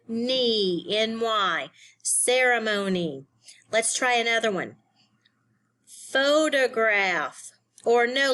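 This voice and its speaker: A woman's voice: a little high, a bit bright. A woman teaching a phonics lesson to young students, sounding out syllables and spelling words letter by letter.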